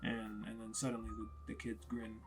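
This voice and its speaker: A man's voice: fairly low pitch, completely flat delivery, moderate pace, soft background music. A man casually retelling a story in a rambling, conversational way, correcting himself as he goes.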